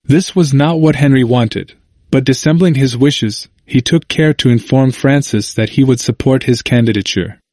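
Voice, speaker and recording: A man reading a historical narrative aloud in a measured, even manner. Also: mid-range voice, no echo. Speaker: audiobook narrator.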